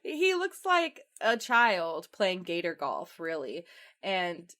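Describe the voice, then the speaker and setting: A woman's voice: lowish voice, slow. A young woman co-hosting a podcast, casually retelling a movie plot with laughs and acted-out quotes. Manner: animated, acts out quoted lines with laughs. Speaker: podcast co-host.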